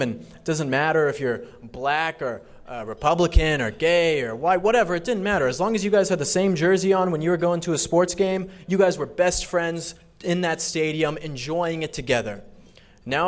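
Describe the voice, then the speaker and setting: Man, political speaker, emphatic, repetitive, slightly high voice. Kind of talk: fundraiser speech.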